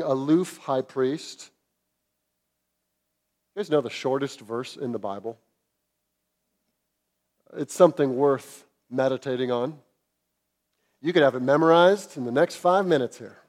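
A man preaching a sermon to his congregation, earnest, rising to loud emphatic peaks and dropping to hushed, tender lines. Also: fairly high pitch, lively intonation, moderate pace. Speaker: pastor. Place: church sanctuary.

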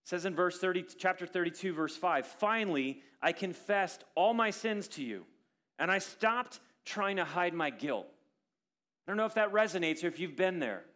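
A man preaching a sermon, reading scripture earnestly and moving between emphatic stresses and hushed, quiet lines. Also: high-pitched, expressive, moderate pace. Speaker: pastor.

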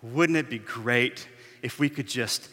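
A slow, dreamy little girl of five, as a preacher quotes her wishes out loud in a bright voice. The sound carries a long hall echo behind it. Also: mid-range voice. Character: wistful little girl, five years old. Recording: echoey hall.

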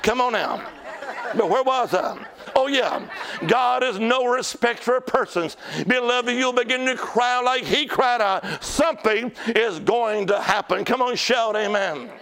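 A man preaching a fervent revival sermon, calling out to the congregation and shouting in bursts. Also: extremely high pitch, clear, resonant tone. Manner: call-and-response with the congregation; shouts and drawn-out cries. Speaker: traveling preacher.

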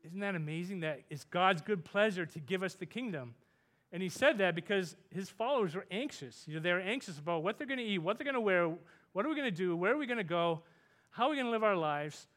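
A man preaching a sermon, earnest, rising loud for emphasis and dropping soft on tender points. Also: expressive, quick pace. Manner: earnest, rises in pitch and volume for emphasis, softens for tender points.

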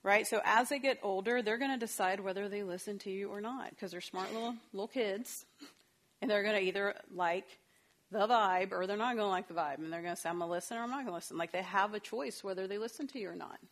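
A woman's voice: mid-range voice, fast talker. A middle-aged woman leading a parenting workshop for a group, talking casually and animatedly with frequent laughter. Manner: conversational, animated, laughs often.

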